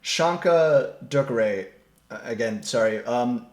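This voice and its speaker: A man in a casual, exasperated movie rant, swinging from mumbling asides to near-shouting, with many fillers and restarts. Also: mid-range voice, expressive, slow. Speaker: video commentator.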